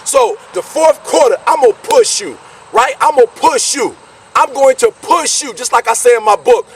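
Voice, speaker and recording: High-pitched fired-up motivational speaker man. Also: moderate pace, vocal fry, distant mic. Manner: energetic, preachy, repetitive call-and-response. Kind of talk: motivational speech.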